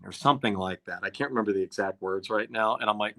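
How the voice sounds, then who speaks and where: Low-ish guy on a podcast telling a story, animated, does the quotes himself. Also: quick pace, hardly any pauses. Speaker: concert promoter guest.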